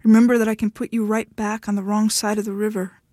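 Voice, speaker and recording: A woman's voice: mid-range voice, level tone, fast talker, warm tone, dry recording, studio quality, close to an everyday voice. A woman voicing a tough, blunt woman who is fed up with her husband and speaks firmly. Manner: blunt, firm, impatient.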